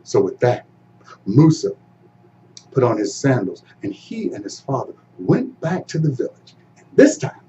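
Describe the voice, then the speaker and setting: Male storyteller telling a folktale, slow and super animated, bit distant, dull sound w faint hum. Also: medium pitch. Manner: expressive, dramatic swings from hushed to loud. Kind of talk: dramatic oral storytelling.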